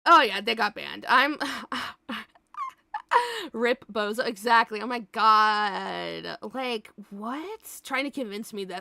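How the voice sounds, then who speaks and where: A woman's voice: fairly high pitch, expressive, takes it slowly, gravelly, sharp tone, dry recording. A young adult woman streaming live, chatting casually with viewers in a blunt way, swearing freely and laughing often.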